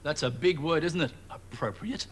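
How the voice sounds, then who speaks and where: An actor playing a smug, mock-cheerful children's TV co-presenter who slips in sly digs. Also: male voice, extremely high pitch, big pitch swings, moderate pace, very noisy. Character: snide man kids' TV co-presenter.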